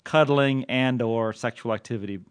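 A man's voice: mid-range voice, moderate pace, clean tone, no room sound. A man hosting a casual podcast, joking and chatting with a co-host. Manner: animated, joking, reads letters aloud with flair.

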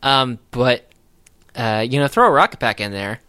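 Bright-voiced man rambling on a podcast. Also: medium pitch, lively intonation, moderate pace, clean tone. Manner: rambling, self-interrupting, laughs often. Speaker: podcast co-host. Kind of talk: casual movie discussion.

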